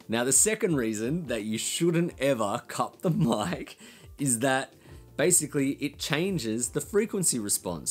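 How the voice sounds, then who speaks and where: An Australian man with a nasal voice, explaining recording gear in a blunt, casual way and swearing now and then. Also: mid-range voice. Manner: blunt, swears casually, laughs between points. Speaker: recording studio educator.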